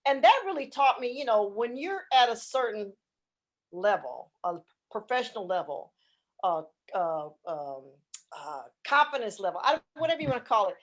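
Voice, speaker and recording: A middle-aged or older woman, a band leader and guitarist, telling her story in a casual interview, animated and full of "you know" fillers. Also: a little high, moderate pace.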